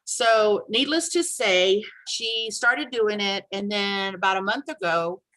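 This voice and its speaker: Bright-voiced woman telling a story. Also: mid-range voice, takes it slowly, poor audio. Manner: animated, acts out quoted dialogue. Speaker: guest sharing a testimonial. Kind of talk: casual storytelling on a video call. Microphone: video call.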